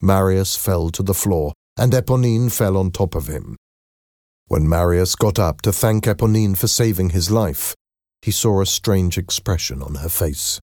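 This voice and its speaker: A man narrating a story in a slow, expressive reading style. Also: sits low, no echo, clean studio sound.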